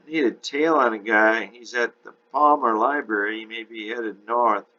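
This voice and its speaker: A man voicing a friendly older gentleman with a Texas drawl, in a dull lo-fi recording. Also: medium pitch, moderate pace, voice pushed up, close to an everyday voice. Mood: genial. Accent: Texan. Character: short older Texan gentleman in a suit, smooth and friendly.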